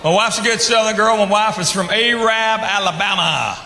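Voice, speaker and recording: Man, stand-up comedian, higher voice, story jokes with voices, roomy club, loud crowd behind. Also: heavy background noise. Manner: storytelling with quick dialogue impressions. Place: comedy club stage with laughing audience.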